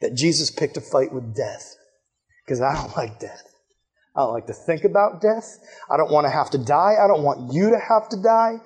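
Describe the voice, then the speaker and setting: A young man preaching to a youth group in a lively, joking way. His voice sits high and bright. He breaks into asides and little character voices as he goes. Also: normal speed, slightly rough. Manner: animated, playful, lots of asides and voices. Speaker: youth pastor. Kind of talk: sermon.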